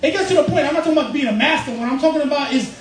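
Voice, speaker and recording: A man's voice: very high voice, racing. A man preaching a sermon as pastor, casual and joking, often laughing as he talks. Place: church. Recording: roomy, distant mic with faint noise.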